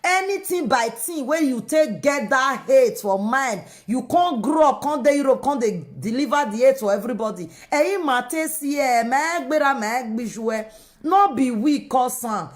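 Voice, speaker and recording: A woman with a Nigerian accent talking straight to her viewers in a casual, animated monologue that switches between English and Pidgin. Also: high-pitched, moderate pace. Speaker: vlogger.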